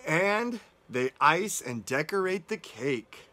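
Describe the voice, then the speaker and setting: Children's storyteller, male; playful, jokey, unhurried, bright tone. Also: on the high side, very animated. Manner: playful, goofy, jokes to kids.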